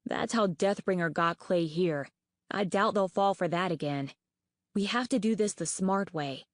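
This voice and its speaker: A woman's voice: fairly low pitch, measured pace, no room sound, clean studio sound, lightly acted. A woman voicing a clever, nervous young male dragon who talks in a careful, reasoning way. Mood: thoughtful.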